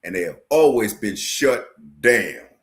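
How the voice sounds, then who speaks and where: A man preaching to his online viewers, forcefully repeating phrases, quoting scripture and checking "you understand?". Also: on the low side, lively intonation, unhurried. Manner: addresses viewers directly, asks "you understand?". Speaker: street preacher teaching a class. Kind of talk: livestream sermon.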